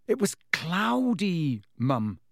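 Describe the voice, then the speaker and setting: A man's voice: sits high, sing-song, drawn-out words, fairly bright tone, dry recording, studio quality, voice pushed up, exaggerated voice. A man voicing a cheeky, joking teenage boy in a storybook reading. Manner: cheeky and offhand.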